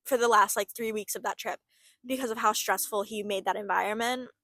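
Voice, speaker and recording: A woman's voice: mid-range voice, steady tone, fairly quick, bright, forceful tone, no room sound. A young woman co-hosting a casual chat, reflective and full of "like" fillers. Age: young adult. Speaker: podcast co-host.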